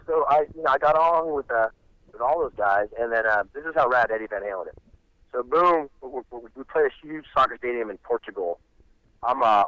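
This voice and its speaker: A man's voice: on the low side, bright, forceful tone, no room sound, poor audio. A middle-aged man, a musician guest, telling rambling stories in an interview. He restarts often and acts out the quotes of the people in his stories. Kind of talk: animated storytelling in an interview.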